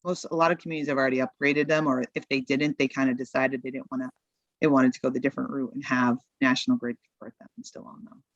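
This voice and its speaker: A woman's voice: very deep voice, flat delivery, fast, no echo. Woman, advisor on a remote call; practical, thinks aloud; muffled, dry audio. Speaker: outside advisor to a town committee. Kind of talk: meeting discussion.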